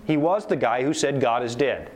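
A male preacher delivering a lively sermon, often asking his audience rhetorical questions. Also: mid-range voice, moderate pace. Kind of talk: sermon lecture to a live audience.

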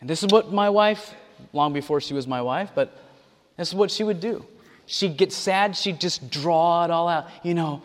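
A man delivers an animated sermon to a congregation in a high, lively voice and slips into other people's voices as he quotes them. His words ring out with a long reverb, as in a large church hall. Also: moderate pace. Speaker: preacher.

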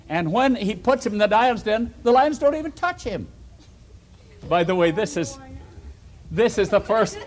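A man's voice: sits high, moderate pace. A man preaching by telling a Bible story to children, directing them as they act it out. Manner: animated, theatrical, directing children acting out the story.

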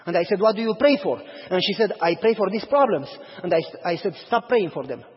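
A man's voice: high voice, fairly quick, breathy edge. A man preaching a sermon as a pastor, telling stories and acting out the dialogue in them. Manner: animated storyteller, acts out dialogue. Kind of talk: sermon with storytelling. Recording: dull audio, long hall reverb.

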